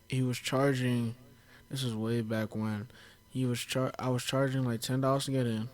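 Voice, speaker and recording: A man hosting a podcast, talking casually and telling stories with lots of filler words. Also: medium pitch. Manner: chatty storyteller, many "like" fillers. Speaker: podcast host.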